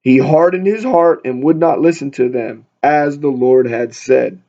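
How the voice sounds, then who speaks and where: Gravelly man leading casual Bible study. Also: medium pitch, a little slow, dark tone. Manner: chatty, reads scripture then riffs with humor. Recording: dull lo-fi recording.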